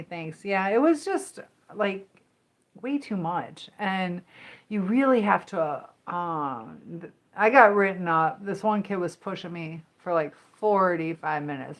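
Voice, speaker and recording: A woman with a slightly low voice hosts a relaxed livestream, chatting loosely and reading viewer comments out loud. She rambles from one story to the next in an easy, talkative way, like a teacher and coach who is at home on camera. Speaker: livestream host.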